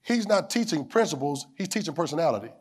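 A man a sermon in a call-and-response style. He repeats phrases, asks the room whether they hear him, and climbs to shouts. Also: fairly high pitch, lively intonation, fast talker. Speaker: preacher.

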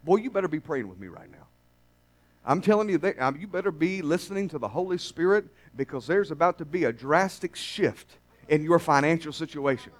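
A man preaching a sermon at a church service. He talks in a folksy, teasing way to the congregation and swells to emphatic near-shouts on key phrases. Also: on the high side, lively intonation, brisk. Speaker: pastor.

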